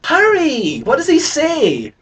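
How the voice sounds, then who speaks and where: A performer voicing an excitable, hapless male sidekick in a fan parody. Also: high-pitched, slow, far from the mic, full character voice. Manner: excitable, lively. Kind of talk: fan parody audio drama.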